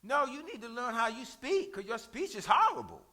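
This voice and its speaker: A man preaching a sermon in call-and-response style, repeating lines for emphasis and rising to shouts at key points. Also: extremely high pitch, big pitch swings, moderate pace.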